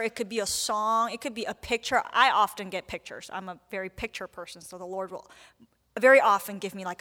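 Woman teaching prayer in an echoing hall. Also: a little high. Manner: casual, animated, acts out little prayers and quotes. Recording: long hall reverb.

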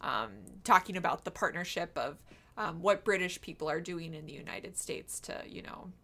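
A woman with a fairly low voice chatting casually as a podcast co-host. She rambles and restarts, with plenty of fillers along the way. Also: normal speed, a bit bright. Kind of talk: casual chat.

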